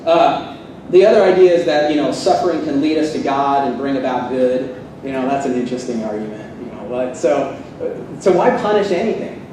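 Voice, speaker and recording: A man's voice: mid-range voice, lively intonation, fairly quick, warm tone, a little hiss or hum. A man giving a sarcastic, fired-up debate speech to a live audience at a seminary. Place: seminary hall. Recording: echoey hall, distant mic.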